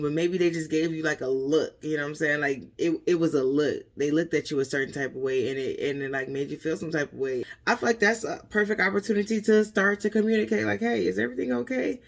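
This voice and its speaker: A woman with a gravelly, fry-edged voice talks through life advice in a casual motivational vlog. She is earnest and emphatic, circling back to her points and checking in with "okay?" and "you know". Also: low-pitched, fairly quick. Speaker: motivational vlogger.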